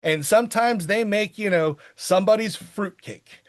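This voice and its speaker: Rambling animated man reviewing a film. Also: high voice, normal speed. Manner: rambling, animated, bursts into quoted voices. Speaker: podcast co-host. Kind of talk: casual movie review chat.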